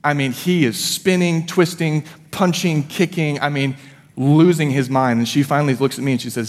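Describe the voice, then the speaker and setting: In a church sanctuary, a pastor in his thirties preaches a sermon, sharing a personal story conversationally with self-deprecating asides. His voice is a little high, steady, and at normal speed, with a long hall reverb on the recording.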